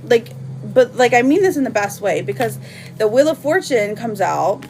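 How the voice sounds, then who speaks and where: A woman reading tarot cards on a live stream, chatting casually and warmly with lots of fillers and slang. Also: fairly high pitch, expressive, moderate pace, a little hiss or hum.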